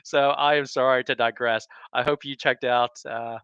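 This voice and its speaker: A man's voice: mid-range voice, steady tone, moderate pace, fairly bright tone, clear, resonant tone, no room sound, highs cut off. A middle-aged American man from Texas, hosting a casual sports stream with rambling, enthusiastic digressions. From Texas, USA.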